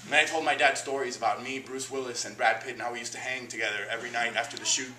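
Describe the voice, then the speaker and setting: A man from Miami performing an animated, self-mocking comic monologue on a theater stage. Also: medium pitch, quick pace, recorded from a distance. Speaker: solo performer. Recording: roomy stage taped from afar, noisy.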